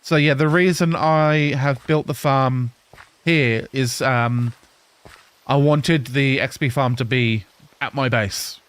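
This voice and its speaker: A man in his thirties from England with an English accent softened by Australian, chatting casually with viewers while playing a game live. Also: medium pitch, fairly even intonation, slow pace, clear, resonant tone. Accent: English mixed with Australian. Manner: chatty, answers viewers, laughs often. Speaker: live streamer. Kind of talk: casual live-stream chat while gaming.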